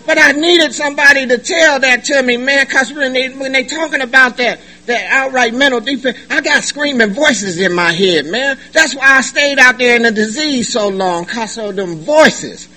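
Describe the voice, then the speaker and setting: A middle-aged man giving a personal testimony at a recovery meeting, animated and joking, in loose slangy talk. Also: very high-pitched, normal speed, few pauses, rough recording. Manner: animated, joking, colloquial, laughs often. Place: meeting room.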